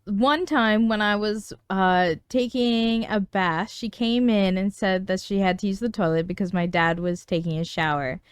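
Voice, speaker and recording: Smooth-voiced woman podcast host. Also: medium pitch, a little slow, hardly any pauses, dry recording. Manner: storytelling with frequent laughs. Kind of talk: casual chat reading a listener story.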